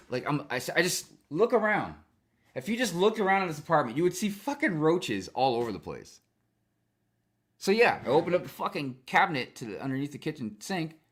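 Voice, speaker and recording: A man ranting in a casual stream monologue, swearing a lot and telling work stories with animated, heated delivery. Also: medium pitch. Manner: profane, animated storytelling with frequent swearing and fillers.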